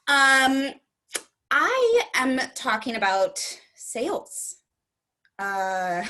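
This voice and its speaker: A woman's voice: medium pitch, sharp tone. A woman presenting on a video webinar, talking in a bubbly, rambling way with many fillers. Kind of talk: casual webinar talk.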